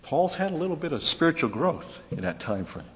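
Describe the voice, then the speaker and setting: A man's voice: a little high, sing-song, brisk, a bit bright. A man giving a verse-by-verse Bible teaching, chatty and asking his listeners questions before answering them himself. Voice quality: conversational, asks and answers own questions. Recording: dull recording with long hall reverb.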